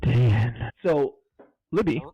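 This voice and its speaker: A man's voice: mid-range voice, expressive, drawn-out words, muffled recording. A man co-hosting a podcast in casual chat, telling stories with frequent laughter. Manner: storytelling, laughs often. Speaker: podcast co-host.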